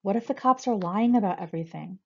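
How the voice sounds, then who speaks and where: A woman reading aloud, voicing a frightened teenage boy who yells in desperation. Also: mid-range voice, creaky, breathy edge, lo-fi sound. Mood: worried. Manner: fearful, yelling, quick.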